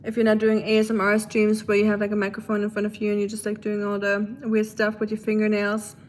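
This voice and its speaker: Cooking in her kitchen, a woman from Germany livestreams from a phone set on the counter, talking casually in a German-accented, mid-range voice that is monotone and fast. There's slight hiss or hum on the audio. Chatty and quick to laugh, she reads viewers' messages aloud and responds to them.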